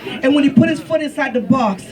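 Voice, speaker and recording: A middle-aged mother giving a farewell toast, telling an animated story and laughing often. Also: high-pitched, fairly quick, far from the mic, low-quality recording. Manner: animated, laughing through the story, acting out the shouting. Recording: loud party crowd around.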